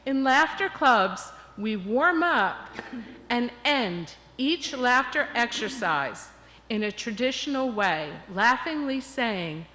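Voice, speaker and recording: An older woman guest speaker leading a congregation in laughter exercises, animated and coaxing. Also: on the high side, takes it slowly. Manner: animated, coaxing, bursts into cheering and chanting. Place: church sanctuary. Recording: long hall reverb.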